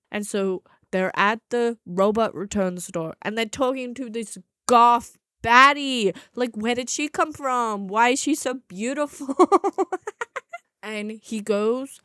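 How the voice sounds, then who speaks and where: A woman's voice: on the high side, slow, fairly bright tone, clear, resonant tone, no echo, clean studio sound. A young woman with a slight lisp recapping a movie casually, sarcastic and exasperated with mocking asides. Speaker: movie reviewer.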